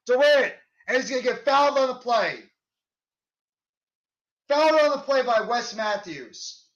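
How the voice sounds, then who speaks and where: A man doing fan play-by-play of a basketball game, shouting on big plays and fuming at the referees. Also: extremely high pitch, expressive, measured pace, dull audio. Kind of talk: live play-by-play commentary.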